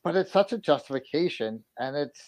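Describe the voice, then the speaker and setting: A man's voice: a little high, lively intonation, brisk, darkish tone, rough recording. A man speaking as a podcast guest in casual chat, musing hesitantly with lots of "like". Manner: hesitant, filler-heavy musing.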